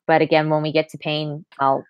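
A young woman talks casually and frankly, offering opinionated views with a wry edge. Her voice is somewhat low for a woman, recorded close and dry. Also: flat delivery, brisk, clean tone, no room sound, lo-fi sound. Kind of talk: casual chat about a book.

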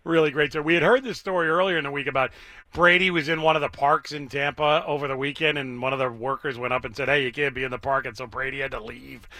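A man's voice: mid-range voice, fairly even intonation, fast talker, bright, forceful tone, no echo. A man hosting a talk radio show, telling a story in a chatty way and addressing his co-host. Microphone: studio microphone.

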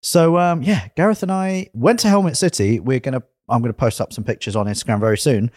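A man from England chats casually on a podcast, telling a story in a winding way and stopping to fix his own slips. His voice sits at an ordinary middle pitch. The sound is dry and close, with no room echo. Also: fast talker, darkish tone. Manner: rambling, self-correcting storyteller. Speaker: podcast co-host. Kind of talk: casual chat.

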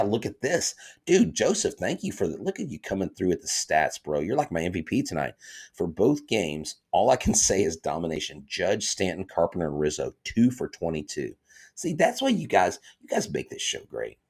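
A man hosting a live sports podcast, chatting casually and reading viewer comments aloud in excitable fan banter. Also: deep voice. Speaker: podcast host.

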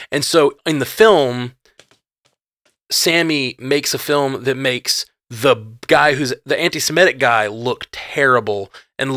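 A man co-hosting a casual chat, gushing and excitable, full of fillers and restarts. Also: mid-range voice, no echo, clean studio sound. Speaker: podcast co-host. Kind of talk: casual movie discussion.

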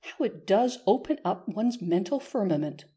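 A woman's voice: medium pitch, expressive, normal speed, dark tone, slightly rough. A woman reading aloud, voicing an effusive young society lady who gushes with praise. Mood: gushing.

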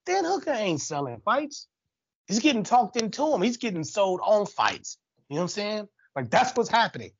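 A husky-voiced man rants through a sports commentary monologue, his pitch swinging widely as he fires off one rhetorical question after another. The sound is dry and close, with a slightly dull, lo-fi tone. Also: no room sound. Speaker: sports talk host.

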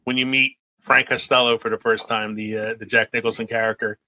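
A man's voice: medium pitch, level tone, a little fast, sharp tone, dry recording, low-quality recording. A man in casual movie chat as a podcast co-host, laughing often and trailing off into fillers.

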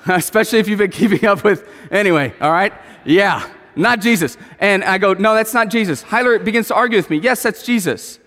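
A man preaching a sermon in an animated way, asking his listeners questions and telling stories about his family. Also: high voice, a little fast, long reverb tail. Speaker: pastor.

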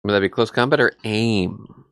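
Low-voiced deadpan man player. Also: moderate pace, vocal fry, a crowd in the background. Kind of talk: casual tabletop game chat.

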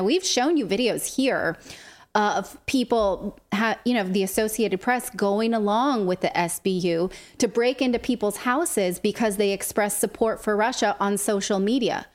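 A woman co-hosting a political commentary show, reading from a report with a sarcastic edge. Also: mid-range voice. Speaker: co-host.

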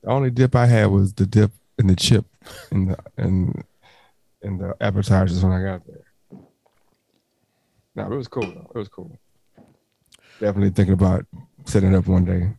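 A man's voice: sits low, steady tone, moderate pace, creaky, pauses often, mellow, slightly rough, no echo. A man co-hosting a podcast, easygoing and teasing in casual chat. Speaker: podcast co-host.

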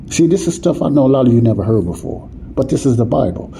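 A man's voice: mid-range voice, sing-song, fast, vocal fry, hardly any pauses, warm tone, slight background noise, rough recording. A man teaching the Bible in an emphatic, conversational preaching style, often checking that listeners follow. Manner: repeats "you see what I'm saying?" to listeners.

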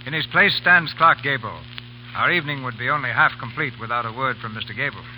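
Male host, formal and genial, bright voice, 1930s radio. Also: mid-range voice, fast talker, a little hiss or hum, poor audio.

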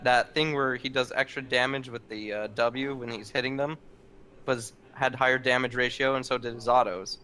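A man with an Arizonan accent, co-hosting a casual gaming chat, teasing and telling animated stories. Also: mid-range voice, moderate pace, a little hiss or hum.

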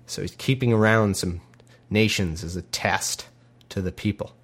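A man giving sarcastic, irreverent commentary between readings, often halting and restarting his sentences. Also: fairly low pitch. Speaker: podcast host reading scripture.

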